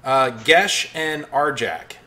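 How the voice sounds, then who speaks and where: A man's voice: on the high side, expressive, slow pace, pushed and bright. Hesitant male game master. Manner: hesitant, many ums and restarts. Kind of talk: narrating a tabletop game.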